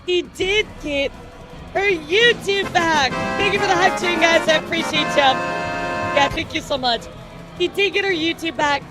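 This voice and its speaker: A woman's voice: extremely high pitch, moderate pace, loud music behind the voice. A woman hosting a casual livestream news show, chatty and teasing, often breaking into laughter. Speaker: streamer and news host.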